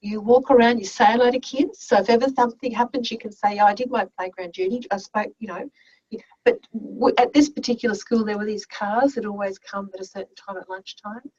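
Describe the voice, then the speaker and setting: A woman's voice: mid-range voice, steady tone, brisk, darkish tone. A woman teaching an online class, telling classroom stories in a chatty way full of restarts, heard over a video call. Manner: anecdotal, conversational, with many restarts. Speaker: teacher educator. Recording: muffled, distant video call audio.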